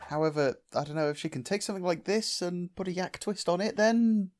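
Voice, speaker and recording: A man's voice: sits high, brisk, darkish tone, soft background music. Wry man commenting over a cartoon. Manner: wry, sarcastic asides with stammered restarts. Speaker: reaction video host. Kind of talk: casual commentary on a cartoon episode. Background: faint cartoon episode audio.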